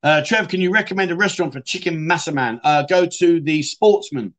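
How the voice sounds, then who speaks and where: A middle-aged man hosts a relaxed livestream, reading viewer comments aloud and joking with his audience. His voice sits a bit higher than most men's, and his delivery is loose and chatty. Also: fairly quick. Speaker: livestream host.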